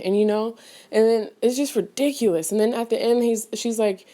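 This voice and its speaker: A woman with a mellow, soft-edged voice rambles through a casual film review for her vlog. She piles on fillers and restarts and breaks into sudden outraged exclamations. She paces back and forth while she talks. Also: on the high side, normal speed.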